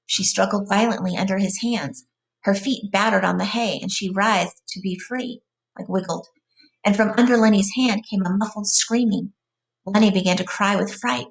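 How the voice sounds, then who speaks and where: A woman's voice: medium pitch, steady tone, moderate pace, vocal fry, distant mic. A woman teacher reading a novel aloud to a class, stopping to explain words in between. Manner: plain reading with side glosses.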